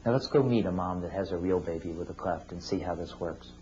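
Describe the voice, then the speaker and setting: A man's voice: low-pitched, fairly quick, dark tone, slight background noise. Dull-recorded man explaining baby feeding steps. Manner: patient, explanatory, plain-spoken. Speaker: cleft team clinician teaching parents. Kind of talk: instructional talk to parents. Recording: dull lo-fi video sound.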